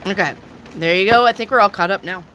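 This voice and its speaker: A woman's voice: mid-range voice, quick pace, a bit bright, slight background noise. A woman giving a casual live tarot reading to viewers, chatty and jokey with crude asides. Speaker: tarot reader.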